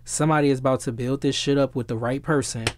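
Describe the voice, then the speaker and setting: A man giving a casual tarot reading who gets excitable, swears freely and often searches for the right word. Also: medium pitch, quick pace, slight background noise. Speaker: tarot reader.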